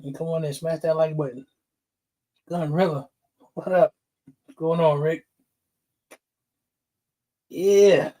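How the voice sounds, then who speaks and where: A man's voice: a little high, steady tone, takes it slowly, pauses often, warm tone. A man hosting a casual livestream, greeting chatters by name, laughing often and getting fired up. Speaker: livestream host.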